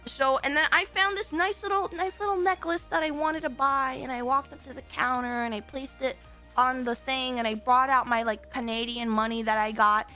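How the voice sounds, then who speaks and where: A young woman with a high, sharp, bright voice tells a long story to her stream. She rambles, restarts and swears freely, jumping into little impressions of the people involved. Soft game music plays faintly behind her. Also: normal speed. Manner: animated, rambling, swears, acts out quotes. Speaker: VTuber streamer.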